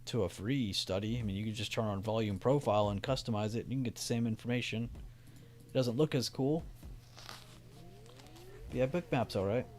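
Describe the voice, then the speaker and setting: A man's voice: lowish voice, fairly quick, long pauses, darkish tone. A young man casually chatting on a stock trading live stream, reading chat and talking loosely with restarts. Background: faint music.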